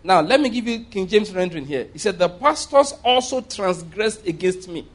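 High-pitched preacher man reading scripture. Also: lively intonation, moderate pace. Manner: reads scripture aloud with emphatic stresses, occasional restarts. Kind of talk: sermon.

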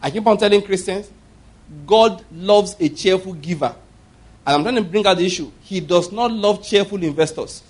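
A man's voice: high voice, moderate pace, husky. A male pastor preaching a sermon, telling stories emphatically and acting out the voices of the people he quotes. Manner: emphatic storytelling preacher who acts out quoted speech.

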